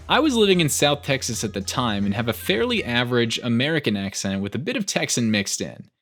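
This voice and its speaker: A man narrating online posts aloud as a storyteller, reading in a lively way. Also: mid-range voice.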